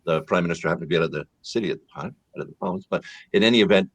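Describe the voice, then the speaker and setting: A man on a political panel, analyzing a vote in a measured way. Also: deep voice, breathy edge, dry recording.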